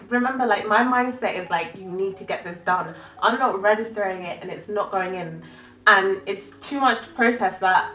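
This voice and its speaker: A woman's voice: medium pitch, bright, forceful tone. A woman in her early twenties, a vlogger telling a personal story in a candid, emotional, conversational way. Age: early 20s. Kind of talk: confessional storytelling vlog. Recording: roomy, slightly distant, faint music.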